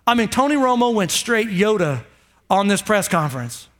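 A man's voice: high-pitched, sing-song, moderate pace, a bit bright. A man pastor preaching a sermon emphatically, asking the congregation rhetorical questions.

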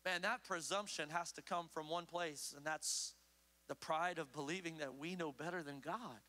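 A man preaching a sermon as pastor, emphatic, swinging between loud urgent calls and low hushed asides. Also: normal speed. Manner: emphatic preaching with sweeping pitch swings and acted quotes. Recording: long hall reverb.

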